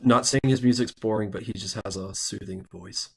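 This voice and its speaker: A man co-hosting a music podcast in casual chat, animated, with lots of restarts, acting out his own reactions. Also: fairly low pitch, moderate pace, creaky, slightly rough. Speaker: podcast co-host.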